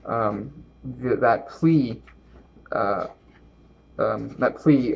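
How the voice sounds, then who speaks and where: Halting Canadian man talking books, lo-fi. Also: mid-range voice, creaky, husky. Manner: thoughtful, halting, trips over words and restarts. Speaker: book vlogger. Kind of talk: reading aloud and casual book talk.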